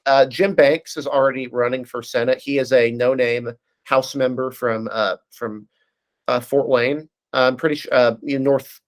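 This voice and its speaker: A man speaking as a guest analyst in a casual political discussion, breaking down races quickly and often restarting his sentences. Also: mid-range voice. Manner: fast, analytical, frequent restarts.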